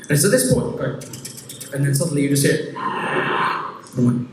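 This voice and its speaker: A man's voice: mid-range voice, lively intonation, moderate pace. A young man performing stand-up, telling a rambling, self-mocking story full of restarts, recorded in a comedy venue. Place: comedy venue with a laughing audience. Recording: roomy hall audio from far off, loud audience noise.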